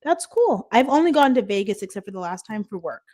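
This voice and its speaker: A woman's voice: mid-range voice, big pitch swings, a little fast, warm tone. A woman in her thirties from Washington State, chatting on a live stream from her phone at home, reading out viewer comments and laughing often. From Washington State, USA. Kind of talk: casual live-stream chat.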